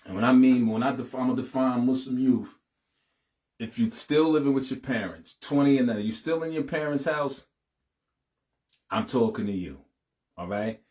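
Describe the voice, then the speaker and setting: A man's voice: medium pitch, moderate pace, pauses often, a little mellow. A middle-aged man hosting a heartfelt, casual talk to his audience. He keeps saying "man" and "you know what I'm saying", and his voice rises and speeds up when he urges his listeners. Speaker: channel host addressing his audience.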